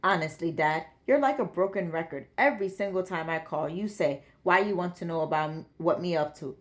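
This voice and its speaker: A woman's voice: low voice, a little fast, lightly acted. A woman voicing a grown-up academic daughter who talks to her father with fond exasperation. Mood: exasperated.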